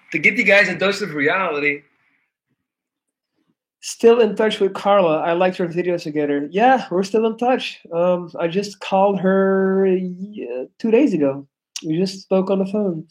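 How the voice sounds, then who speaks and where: A man's voice: high voice, measured pace. A young man reading viewer comments aloud in a laid-back, slangy livestream chat. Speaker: YouTuber reading live chat.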